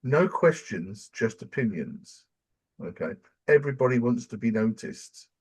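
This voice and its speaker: An older Englishman hosts a relaxed podcast chat, his voice a little husky. He tells stories with animation and mid-range pitch, and slips into other voices when quoting people. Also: a little slow. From England. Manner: animated storyteller, acts out quoted voices. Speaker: podcast host. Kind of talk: casual chat.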